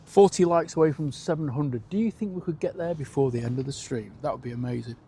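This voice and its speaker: A man's voice: a little high, quick pace, vocal fry, mellow, slight background noise. Chatty man commentating live plane spotting. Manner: chatty, reads out viewer comments. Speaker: live stream host. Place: outdoors at an airport.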